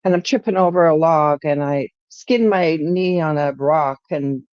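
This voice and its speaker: A middle-aged woman, a podcast guest, telling a story in an animated, lively way and acting out her own lines. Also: sits low, measured pace, no room sound, lo-fi sound. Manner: animated, lively retelling with acted-out quotes. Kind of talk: storytelling in an interview.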